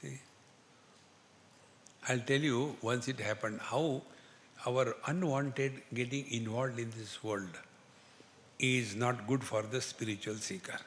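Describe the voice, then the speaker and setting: A man speaking English with an Indian accent, giving a spiritual discourse as a teacher, telling humorous stories slowly and chanting Sanskrit verses. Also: medium pitch, steady tone. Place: lecture hall with an audience. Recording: long hall reverb, faint noise.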